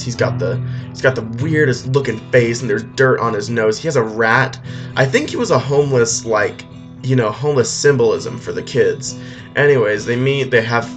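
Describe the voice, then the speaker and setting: A man rambling offhand through a comic story retelling, with loose restarts. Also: mid-range voice.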